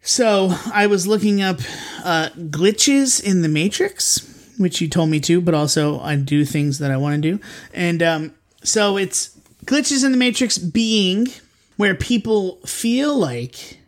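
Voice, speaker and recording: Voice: medium pitch, slow pace. A podcast host chatting casually and jokingly with a co-host, often rambling and correcting themself mid-sentence. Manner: playful, jokey, rambling with self-corrections. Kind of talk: casual comedic podcast chat.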